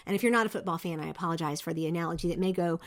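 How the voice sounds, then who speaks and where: Lively middle-aged woman, low-pitched. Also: rapid-fire. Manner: lively, emphatic, with frequent restarts. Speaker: podcast host. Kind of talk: motivational leadership talk. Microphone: seen on video, single speaker.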